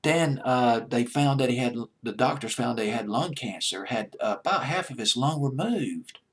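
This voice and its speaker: A chatty man with an Alabama drawl counts down old hits like a deejay. His voice is a little husky and sits at an ordinary pitch. He's loose and enthusiastic, and he laughs and restarts his sentences. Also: lively intonation, moderate pace. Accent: Southern US (Alabama). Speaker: radio-style countdown deejay. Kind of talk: casual countdown commentary.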